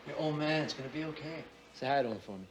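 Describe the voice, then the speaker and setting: A man's voice: a little high, fast talker, slight background noise, lightly acted, rough recording. A man playing a caring young mechanic. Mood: easygoing. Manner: easygoing, reassuring. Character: young adult male mechanic, caring big-brother type. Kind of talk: scripted TV drama dialogue.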